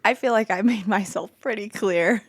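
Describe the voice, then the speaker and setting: American woman guest, relaxed and sure of her takes, dry studio sound. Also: medium pitch, normal speed, no echo. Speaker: newsletter writer guest. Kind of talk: casual chat.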